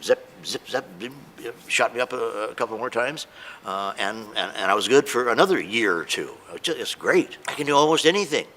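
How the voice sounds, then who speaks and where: Emotional man with a bright voice. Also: mid-range voice, animated, a little fast, slight background noise. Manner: emotional, hesitant with many fillers and restarts. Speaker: patient giving a testimonial. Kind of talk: unscripted testimonial.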